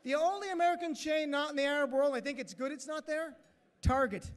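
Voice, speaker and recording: A male emcee works the room with a stand-up routine, jumping into little character voices. His voice sits very high for a man. The sound rings with the long echo of a big hotel ballroom. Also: brisk. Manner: joking, animated, acts out characters. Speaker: master of ceremonies. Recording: echoey hall.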